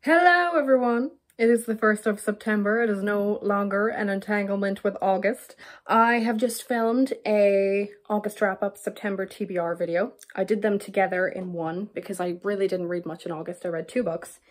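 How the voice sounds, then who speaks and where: A woman's voice: mid-range voice, flat delivery, normal speed. A woman talking casually to camera in a reading vlog, candid, chatty and self-mocking. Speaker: book vlogger.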